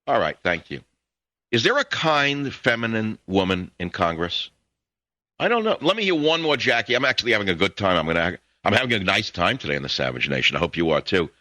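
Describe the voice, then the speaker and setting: New York talk radio host, lowish bright forceful voice, dry close studio sound, excitable rambler. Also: male voice, fairly quick, no echo. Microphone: studio microphone.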